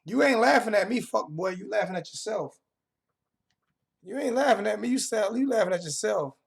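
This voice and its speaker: A man's voice: sits high, animated, normal speed, vocal fry, breathy edge. A young man hosting a livestream from home, confrontationally trash-talking his chat and repeating phrases for emphasis. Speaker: livestream host. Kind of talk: heated livestream rant.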